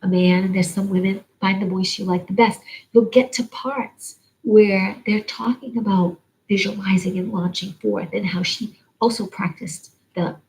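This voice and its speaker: An older woman reading oracle cards, talking in a meandering, earnest way and sometimes dropping into a soft whisper. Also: medium pitch, fairly even intonation, moderate pace, creaky, rough recording. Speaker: oracle card reader. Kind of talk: spiritual monologue.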